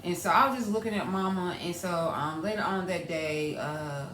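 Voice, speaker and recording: A woman, co-hosting a casual chat, heartfelt and animated. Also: on the low side, normal speed. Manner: heartfelt, animated, laughs easily. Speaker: podcast co-host. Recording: echoey room with faint noise.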